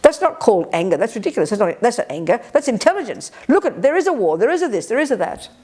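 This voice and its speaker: An older woman giving a Buddhist teaching at a retreat, animated and emphatic, slipping into other people's voices when she quotes them. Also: fairly high pitch, fast talker, husky. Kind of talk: Dharma talk at a retreat.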